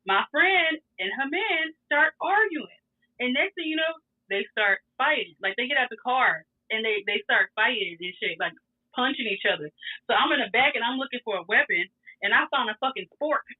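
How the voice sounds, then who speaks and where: Animated storytelling woman, tinny sound. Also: on the high side, moderate pace. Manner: animated, profane, laughs often. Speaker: guest telling a story. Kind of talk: casual storytelling.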